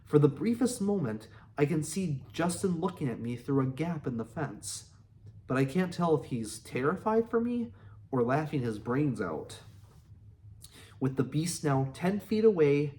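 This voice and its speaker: A man reading a memoir aloud in an earnest, steady way. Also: fairly high pitch. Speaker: audiobook reader.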